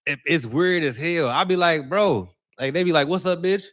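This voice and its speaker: A man's voice: on the high side, moderate pace, a bit bright, a little hiss or hum. A young man from Saint Louis hosting a casual livestream, chatting loosely with viewers in slangy, rambling talk. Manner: loose slangy talk, chatty, lots of "you know what I'm saying". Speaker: livestream host.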